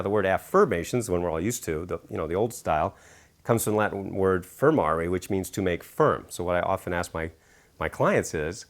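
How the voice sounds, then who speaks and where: A middle-aged man, an author and speaker, telling stories in an interview with enthusiasm and acting out quotes. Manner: enthusiastic, acts out quotes with big pitch jumps. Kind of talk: animated storytelling interview.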